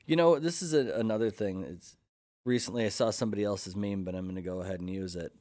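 A man's voice: lowish voice, fast talker, dark tone, no room sound, clean studio sound. A man, an enthusiastic guest chatting casually on a podcast. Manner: enthusiastic, upbeat. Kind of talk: casual chat.

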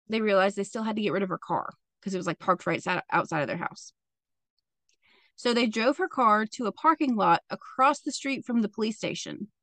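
A woman's voice: mid-range voice, a bit bright, no room sound. A woman co-hosting a podcast, telling a true crime story in casual chat with sarcastic, laughing asides.

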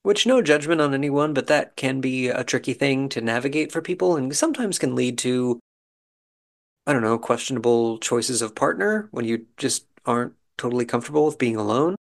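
A man hosts a podcast, offering a wry, chatty recap of a reality show episode with musing asides in casual commentary. His medium-pitched voice is animated and creaky, at a moderate pace.

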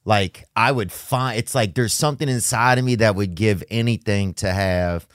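Low voiced dude, kinda halting, says like a lot, dry sound. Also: male voice, no echo. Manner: halting, earnest, heavy use of "like". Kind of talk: casual conversation.

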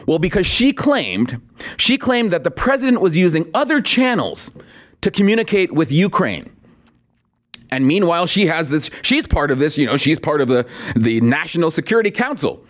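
A man's voice: fairly high pitch, sing-song, normal speed. A man hosting a political commentary podcast, talking in a sarcastic way and repeating lines for emphasis. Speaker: podcast host.

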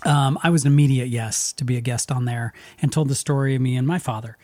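A man's voice: medium pitch, fairly even intonation, quick pace, darkish tone, dry recording, studio quality. A middle-aged man from Spokane hosting a podcast, telling stories in a rambling casual way with lots of restarts. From Spokane, USA. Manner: rambling, frequent restarts, acts out quotes. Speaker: podcast host. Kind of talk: casual storytelling chat.

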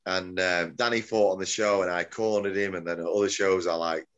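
A middle-aged man talks loosely through his story as an interview guest. His voice sits a little low, and he often restarts his sentences and chuckles along the way. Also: fairly even intonation, brisk, a bit bright, clear, resonant tone, dull audio. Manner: rambling, self-correcting, chuckling. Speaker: MMA promoter, guest. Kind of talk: casual interview chat.

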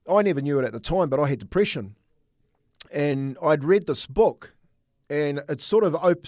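A man's voice: mid-range voice, darkish tone, no room sound, studio quality. A middle-aged man co-hosting a casual sports chat, telling a personal story earnestly with many restarts. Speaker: co-host.

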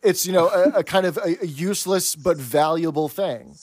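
A man with a slightly high voice co-hosts a podcast, chatting and explaining things casually. The recording is dry and close, with no room sound. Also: normal speed, a little mellow, no room sound. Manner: chatty, explains and tells jokes. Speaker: podcast co-host.

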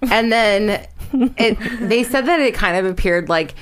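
A woman's voice: medium pitch, expressive, measured pace, fairly bright tone, clean tone. A young woman casually telling a spooky story to friends, rambling, laughing and swearing as she goes. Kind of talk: casual storytelling podcast chat.

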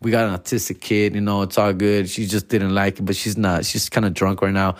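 A man voicing a laid-back husband who smooths things over in relaxed slang. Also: on the low side, a little fast, dry recording, clean studio sound, lightly acted. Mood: easygoing.

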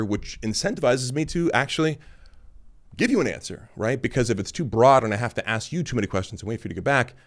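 A young man talking casually and at length about workouts and fitness, rambling with many fillers. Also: on the low side. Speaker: fitness podcast host answering listener questions. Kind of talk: casual monologue.

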